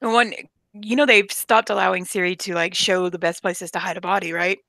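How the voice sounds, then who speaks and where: A woman co-hosting a casual chat, telling animated, playful stories. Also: fairly low pitch, fairly quick, gravelly, dry recording. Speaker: co-host.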